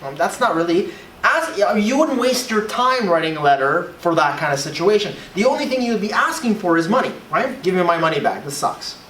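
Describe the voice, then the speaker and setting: Lively teacher heard from across an echoey room. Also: medium pitch, a little fast. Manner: animated, keeps checking in with "right?". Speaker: English teacher. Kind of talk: classroom lesson. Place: classroom. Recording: echoey room, voice from far off, faint hiss.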